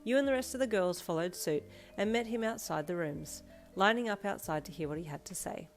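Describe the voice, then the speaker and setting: A woman reading a second-person fanfiction story aloud in a steady, gentle storytelling manner. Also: lowish voice, brisk, soft background music. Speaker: fanfiction reader.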